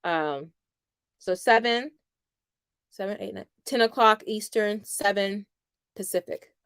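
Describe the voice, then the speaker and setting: A middle-aged woman hosting a homeschool channel, chatting casually with viewers and telling animated stories with playful quoted voices. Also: mid-range voice, slow pace, clear, resonant tone, dry recording, studio quality. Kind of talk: casual livestream chat with viewers.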